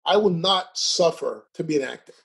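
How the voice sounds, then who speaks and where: A man's voice: a little high, lively intonation, normal speed, vocal fry, fairly bright tone, husky. A man telling stories as a guest in a casual chat, who laughs often, keeps asking "right?" and stutters at times. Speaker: podcast guest.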